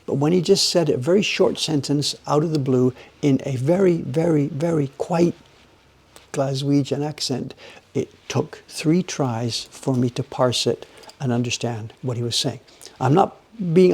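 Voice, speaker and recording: A man hosting a livestream from his workshop, chatting with viewers in a rambling, animated way while he works on a carving. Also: on the high side, vocal fry, husky. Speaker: livestream host, woodblock carver. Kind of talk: casual chat while working.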